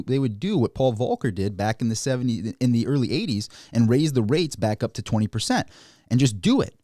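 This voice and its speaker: A man giving casual stock market commentary, animated and mocking officials in high put-on voices. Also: no room sound, clean studio sound. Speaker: finance commentator.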